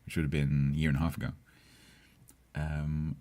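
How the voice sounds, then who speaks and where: Brief: game streamer, male, Southeast English accent, very low voice, chatty and rambling, reads chat aloud. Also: completely flat delivery, normal speed, mellow. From Southeast England. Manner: rambling, chatty, with hesitations and laughs. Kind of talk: casual live-stream chat with viewers.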